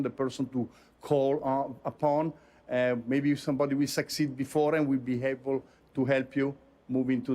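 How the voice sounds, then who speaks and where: A man from Italy with an Italian accent, a university president giving a commencement speech, joking about himself, with many fillers and restarts. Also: mid-range voice. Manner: warm, self-joking, many uh fillers and repeats.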